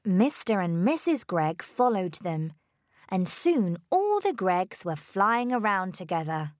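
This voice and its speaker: A woman narrates a children's storybook. She reads very slowly and deliberately, with a lively, animated pitch. The recording is close and dry. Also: no echo. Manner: slow, careful, expressive read-aloud delivery.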